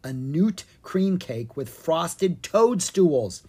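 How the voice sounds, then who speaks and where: A reader voicing an excitable young girl dragon in a storybook, speaking high and eager. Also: very slow, husky, full character voice.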